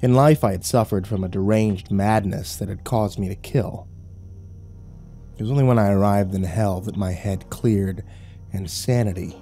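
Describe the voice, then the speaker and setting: A man reading a horror story aloud in a slow, grave, brooding manner. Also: fairly low pitch, mellow. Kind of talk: scripted horror narration. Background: faint music.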